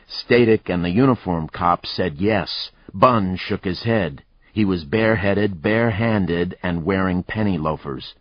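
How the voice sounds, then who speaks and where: A man narrating a thriller audiobook in a measured, even storytelling manner. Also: sits low, no room sound. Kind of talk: scripted narration. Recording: dry, slightly muffled recording.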